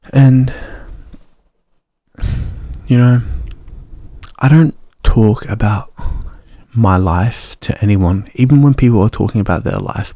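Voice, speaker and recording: Young man, ranting vlog, lowish voice, dry close sound. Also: creaky, dark tone, dry recording. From Australia. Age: young adult. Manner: heated, swearing, ranting. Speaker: vlogger.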